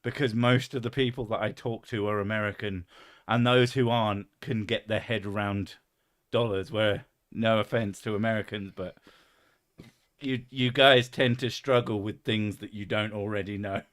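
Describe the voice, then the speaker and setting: A man's voice: on the low side, fairly even intonation, normal speed, fairly bright tone. A man with a London accent hosting a casual chat over whisky, blunt, swearing freely and laughing often. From England. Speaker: podcast host.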